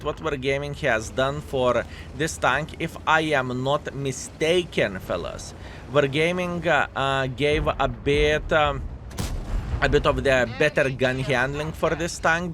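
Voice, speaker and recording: A man's voice: mid-range voice, background noise. Sarcastic male gameplay commentator. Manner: sarcastic, repeats phrases, many fillers. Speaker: game commentator.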